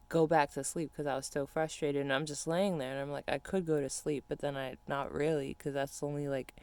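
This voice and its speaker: A young woman rants in a frustrated, profane monologue. Her voice sits a little low. The recording is dry and close, with no room echo. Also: darkish tone, clear, resonant tone. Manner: frustrated, profane, venting rant. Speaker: vlogger. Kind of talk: casual ranting monologue.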